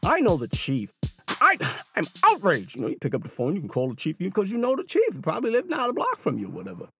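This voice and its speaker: A man telling stories in a casual monologue, animated and acting out the voices of other people. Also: fast talker. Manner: animated, mimics bystanders with exaggerated pitch jumps. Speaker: runner and storyteller. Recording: clear hip hop music behind the voice.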